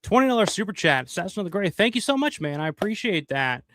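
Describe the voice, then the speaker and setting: A man's voice: high-pitched, sing-song, fast, fairly bright tone, no echo, clean studio sound. A middle-aged man hosting a live stream, chatting loosely and profanely while thanking viewers by name. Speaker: livestream host. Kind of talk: casual live-stream chat.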